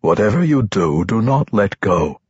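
A man voicing a proud male dark elf archmage with a grave, solemn manner, in a dull, dry recording. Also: on the low side, lively intonation, slow, husky, dry recording, exaggerated voice.

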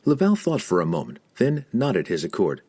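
A man narrating a fantasy audiobook in an expressive, steady storytelling manner. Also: fairly low pitch, moderate pace, slightly rough.

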